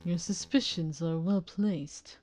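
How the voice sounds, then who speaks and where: A woman's voice: on the low side, takes it slowly, a little mellow, soft background music. A woman voicing a stern male falcon defense attorney who speaks in a formal, commanding way. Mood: firm.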